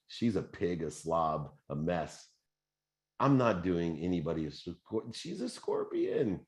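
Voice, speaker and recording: A man in his fifties hosting a live motivational Q&A, talking in an animated, conversational way with plenty of fillers. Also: low voice. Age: 50s. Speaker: host.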